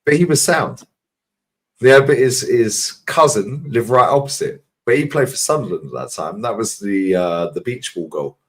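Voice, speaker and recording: A man's voice: mid-range voice, expressive, moderate pace, a bit bright. A man co-hosting a live stream, telling stories in a rambling, slangy way and checking in with his listener. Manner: rambling, slangy storytelling that keeps checking in with "yeah?". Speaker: stream co-host. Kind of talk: casual chat on a live stream.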